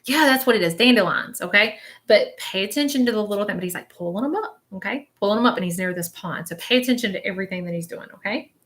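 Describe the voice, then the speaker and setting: Giving a live-stream reading, this medium rambles through her visions in the present tense, hesitant and searching, tagging lines with frequent "okay?" checks to listeners. Her medium-pitched voice is animated and a bit bright, moving quickly with hardly any pauses.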